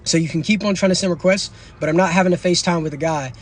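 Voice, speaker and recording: A man's voice: sits high, very fast. A man hosting a livestream, lecturing his viewers in a slangy, preachy way. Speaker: livestream host. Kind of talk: casual livestream talk.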